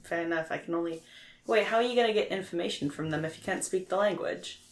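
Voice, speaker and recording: A woman's voice: lowish voice, fast talker. A woman playing a tabletop game, chatting casually, laughing often and swearing. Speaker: player. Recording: echoey room, faint noise.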